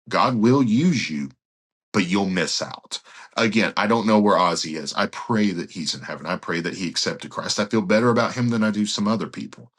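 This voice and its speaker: A man, a pastor and guest, telling a story in conversation in an earnest, animated way and acting out what others said. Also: low-pitched. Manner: animated, acts out others' speech while retelling; earnest, some restarts.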